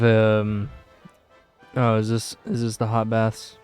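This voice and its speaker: Slow, smooth-voiced tired male streamer. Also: on the low side, completely flat delivery, darkish tone, no echo, faint music behind. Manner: giggly, rambling, reads game text aloud. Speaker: game streamer. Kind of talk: casual live-stream commentary.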